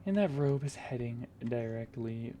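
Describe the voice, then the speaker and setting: A man rambling through solo gameplay commentary, goofy and self-mocking, now and then slipping into silly high voices. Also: lively intonation, moderate pace, dark tone. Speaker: gaming YouTuber.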